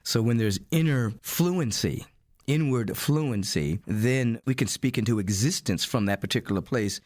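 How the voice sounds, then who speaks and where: A man's voice: mid-range voice, unhurried, a little mellow, no echo, clean studio sound. A man hosting a radio interview, affirming his guest and prompting her with questions. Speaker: radio host.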